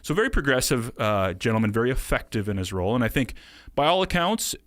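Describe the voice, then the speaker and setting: An American man chatting on a podcast, fast and loose, breaking into laughs often. His voice sits at a middling pitch. The recording is dry and close, with no room sound. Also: very animated, fairly bright tone, no echo. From United States. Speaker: podcast co-host. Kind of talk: casual podcast chat.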